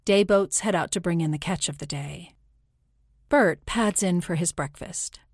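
A woman reading a first-person audiobook in a calm, even, wry manner. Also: on the low side, unhurried, no echo, studio quality. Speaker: audiobook narrator.

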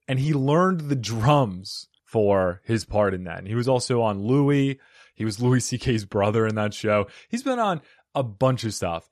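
A male podcast host talks in a loose, joking way, happy to poke fun at himself. His voice sits at a middling pitch and sounds close and dry on a studio mic. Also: no echo. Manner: joking, self-deprecating, hyped. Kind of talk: casual podcast intro and chat. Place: home studio in Arizona. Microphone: studio microphone.

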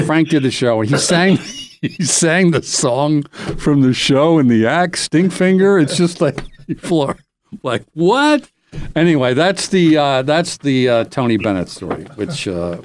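A middle-aged man hosting a podcast, telling a rambling, animated anecdote in casual chat. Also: mid-range voice, normal speed, slight background noise. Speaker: podcast host.

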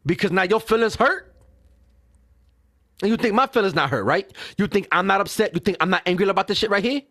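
A man's voice: high voice, fairly quick, no room sound. Ranting profane man, dry close sound. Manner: animated, profane, ranting with rhetorical "right?". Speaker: podcast co-host. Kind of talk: casual heated chat.

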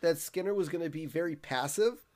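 A man with a high voice co-hosts a podcast and talks through an episode in casual chat. He restarts his sentences often and adds chuckling asides. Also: fairly quick, a little mellow. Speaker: podcast co-host.

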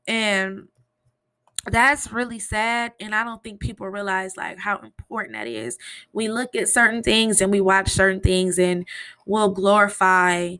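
A woman's voice: on the high side, moderate pace, pushed and bright, dry recording. A woman hosting a podcast, giving a casual, rambling recap full of "you know" fillers. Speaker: podcast host.

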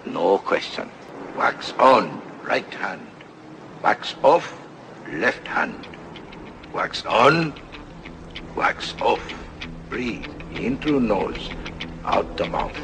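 An actor playing a calm, terse older karate teacher who gives slow, clipped instructions in broken English. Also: male voice, lowish voice, vocal fry, heavily acted. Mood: calm instructing. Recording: film clip with loud background noise.

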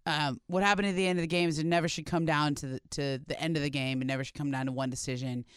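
A sports commentator talks through a game in a thoughtful, explaining way. The voice is smooth and clear, and the recording is dry. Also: medium pitch, steady tone, quick pace, a bit bright, no echo. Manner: reflective, explanatory. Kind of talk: casual sports talk.

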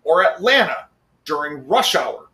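A man's voice: a little high, very animated, measured pace, crowd noise. A man in casual chat, ranting profanely and animatedly, breaking into laughs. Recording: roomy echo.

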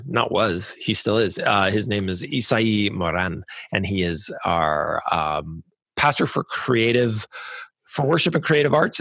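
Man, pastor host, gravelly voice, husky tone, joking casual chat. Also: fairly low pitch, fairly bright tone, dry recording. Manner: joking, rambling, self-deprecating.

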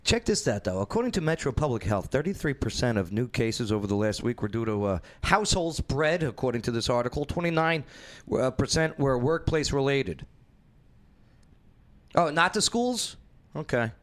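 A man hosting a casual opinion talk show, blunt and jokey, animated and fond of asides. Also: mid-range voice, brisk.

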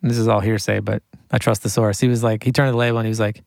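A man's voice: fairly low pitch, very fast, creaky, dry recording. A man who works as a recording engineer tells casual studio stories, full of "like" and acting out the people in them. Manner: animated, full of "like", acts out the voices in his stories. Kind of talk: casual storytelling.

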